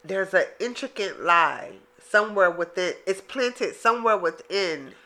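A woman's voice: mid-range voice, animated, unhurried, pushed and bright. A woman in casual profane chat who teases and questions a story with skeptical follow-ups. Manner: teasing, skeptical questioner, cusses freely.

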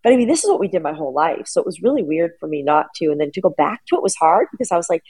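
Soft-voiced woman telling a rambling story. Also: fairly low pitch, animated, racing, breathy edge, poor audio. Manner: rambling storyteller with many restarts and fillers. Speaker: guest. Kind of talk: casual chat.

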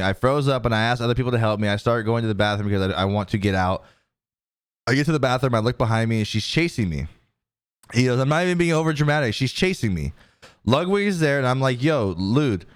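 A man's voice: medium pitch, brisk, clear, resonant tone, no echo, clean studio sound. A man hosting a podcast, casually reading news articles aloud with frequent ums and restarts. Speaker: podcast host.

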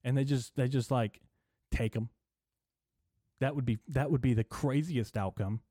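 A young man hosting a comedy podcast, rambling through a profane, deadpan monologue full of filler words. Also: mid-range voice, normal speed, husky, dry recording, clean studio sound. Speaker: podcast host.

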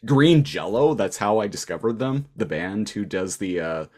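A man's voice: fairly low pitch, animated, moderate pace, darkish tone. A man from Canada co-hosting a podcast over a video call, laid-back and jokey, with stammered restarts. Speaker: podcast co-host. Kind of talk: casual chat.

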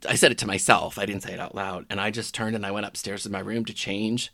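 A middle-aged man telling a personal story in a halting, reflective way that often trails off quietly. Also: lowish voice, fairly even intonation, creaky, no echo, clean studio sound. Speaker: podcaster telling his own story.

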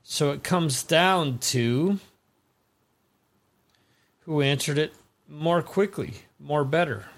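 Male quiz host, slightly high pitch, unhurried, chatty digressions between scores. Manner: rambling, chatty asides between questions. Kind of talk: live-streamed trivia hosting.

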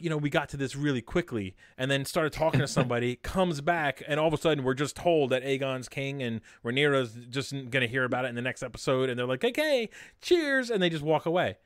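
A man co-hosting a casual podcast chat, ranting in an animated, sarcastic way. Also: mid-range voice, no room sound, clean studio sound. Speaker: podcast co-host.

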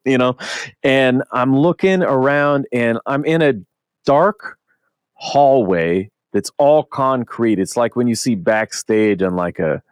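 A young man co-hosting a podcast, telling a story in casual chat, animated and swearing a lot as he acts out what people said. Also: medium pitch, takes it slowly, clean tone, dry recording. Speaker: podcast co-host.

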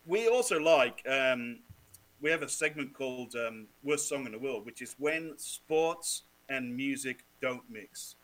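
A man from Wales, a guest on a sports podcast, telling lively stories, swearing freely and laughing often. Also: medium pitch, a little slow, low-quality recording. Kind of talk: casual chat.

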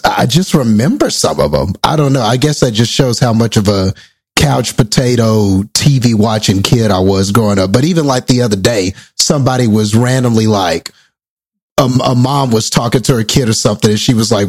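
A man's voice: mid-range voice, animated, normal speed, a little mellow, no echo, studio quality. A man in his thirties chatting casually and breaking into playful snatches of song. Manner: playful, sings snatches of old TV theme songs. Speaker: podcast co-host. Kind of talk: casual chat.

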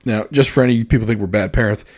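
A man on a podcast telling a rambling, animated story in casual chat. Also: lowish voice, fast talker. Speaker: podcast co-host.

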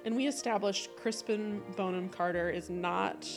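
A woman's voice: medium pitch, fairly even intonation, unhurried, over music. A woman co-hosting a podcast watch-along, answering in short, knowing replies and laughing easily. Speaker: podcast co-host. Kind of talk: casual watch-along chat.

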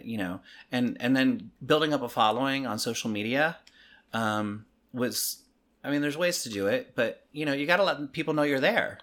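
Southern man, bright tone, casual chat, swears a lot. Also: medium pitch, moderate pace. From American South. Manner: profane, animated storytelling. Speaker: interview guest.

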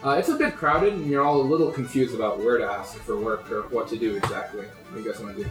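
Running a tabletop game, this game master narrates loosely, leaning heavily on fillers like "uh" and "like." He has a mid-range voice and a quick pace. Soft background music sits under a roomy recording.

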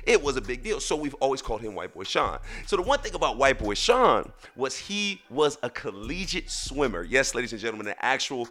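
A young man hosting a podcast, telling a dramatic story and working up to shouts. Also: medium pitch, very animated, a little fast, few pauses. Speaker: podcast host. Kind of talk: animated storytelling.

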